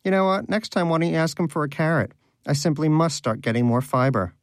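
A man's voice: fairly high pitch, brisk, no room sound, voice pushed up, lightly acted. A man voicing a smug, gluttonous male pet hamster with a mocking, theatrical manner.

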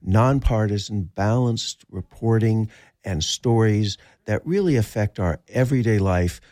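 A man's voice: lowish voice, measured pace, darkish tone, dry recording. A man hosting public radio from a studio microphone, talking in loose, self-deprecating on-air banter.

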